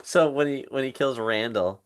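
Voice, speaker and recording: A man's voice: mid-range voice, normal speed, smooth. A man co-hosting a podcast, chatting casually about a film and rambling through his retelling with laughs. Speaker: podcast co-host. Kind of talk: casual movie review chat.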